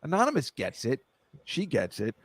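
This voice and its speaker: A man's voice: mid-range voice, wildly swooping pitch, normal speed, husky, dry recording. A middle-aged man hosting a podcast, rambling in casual chat with a jokey, self-deprecating manner. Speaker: podcast host.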